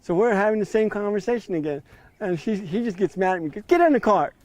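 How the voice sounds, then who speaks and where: A man in his fifties recounts a personal story in an interview, slipping into lively acted-out dialogue. His voice sits a little high. The recording is close and dry. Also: fast, dry recording. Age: 50s. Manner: animated, acts out quoted dialogue in raised voice.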